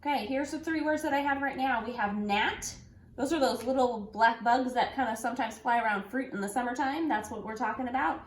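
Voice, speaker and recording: A woman with a slightly high voice teaches young children a phonics lesson. She talks slowly and clearly, spelling out letters and encouraging the kids along. The room around her sounds roomy and echoey. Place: home room with an easel.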